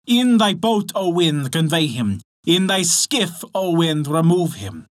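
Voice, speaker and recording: A man's voice: on the high side, sing-song, slow pace. A man voicing a crafty, persuasive old male wizard from a folktale, coaxing and chanting spells. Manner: coaxing, incantatory.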